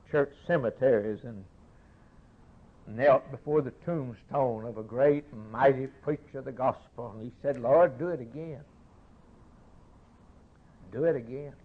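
Guy preaching a sermon, big dramatic questions then goes quiet, sounds like a phone recording. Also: phone-quality sound. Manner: declamatory, swelling to raised rhetorical questions then dropping low.

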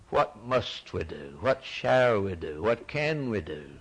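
A man's voice: on the low side, big pitch swings, slow pace, hardly any pauses, slightly rough, rough recording. Fiery, dramatic male preacher. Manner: dramatic preaching, swinging from shouts to hushed tones; repeats phrases for emphasis. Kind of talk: sermon.

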